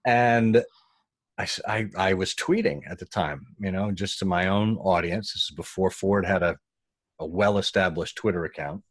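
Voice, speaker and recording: A man telling a story as a podcast guest, animated and acting out the voices of the people he quotes. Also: deep voice, normal speed, no room sound, studio quality. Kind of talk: conversational storytelling.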